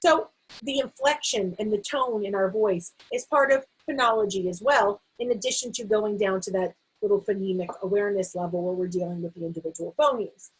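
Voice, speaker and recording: A woman's voice: mid-range voice, a little fast, slightly rough, low-quality recording. A middle-aged American woman, a literacy educator, explaining a teaching framework in an explanatory way with frequent fillers and restarts.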